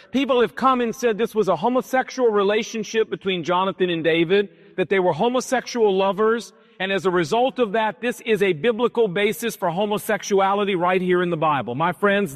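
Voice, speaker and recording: A male pastor preaching a sermon, telling a Bible story emphatically and dramatically. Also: high-pitched. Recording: long hall reverb.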